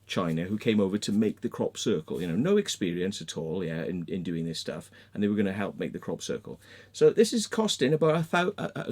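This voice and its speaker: A man's voice: mid-range voice, darkish tone. A man with an English accent, ranting heatedly in a sweary monologue and tagging his points with "yeah?" and "right?". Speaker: video blogger.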